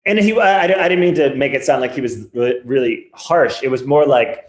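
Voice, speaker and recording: A man's voice: mid-range voice, roomy sound. A man telling comedy-writing stories in casual chat, rambling and correcting himself often. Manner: rambling anecdotes with quick self-corrections. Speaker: podcast guest, comedy writer.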